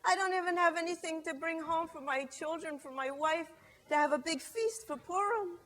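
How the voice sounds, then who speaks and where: A poor, sorry man speaks meekly and hesitantly, as a woman puts him on. His voice sits a little high and soft, the voice of someone with nothing to give. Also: normal speed. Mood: pleading. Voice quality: meek, hesitant.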